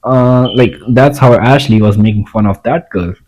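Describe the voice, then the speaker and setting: A man's voice: mid-range voice, normal speed, darkish tone, low-quality recording. A man giving casual self-help advice in a blunt, rambling way, swearing freely. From India.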